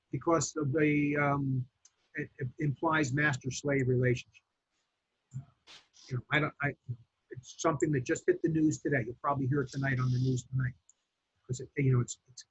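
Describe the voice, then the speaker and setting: A real estate instructor, lecturing a class in an emphatic, lively way with fillers and restarts. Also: male voice, mid-range voice, moderate pace, husky. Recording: dull lo-fi classroom recording.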